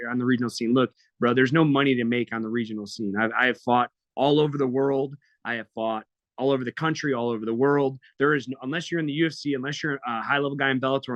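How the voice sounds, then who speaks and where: A man's voice: medium pitch, fairly bright tone, dry recording, highs cut off. A man in his thirties, a fighter as podcast guest, talking bluntly and emotionally with lots of swearing. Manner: blunt, profane, emotional storytelling. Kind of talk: candid podcast interview.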